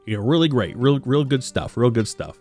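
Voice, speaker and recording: A man's voice: medium pitch, expressive, a little fast, darkish tone, soft background music, close to an everyday voice. A man voicing a bald male gnome who talks in a chummy, repetitive way.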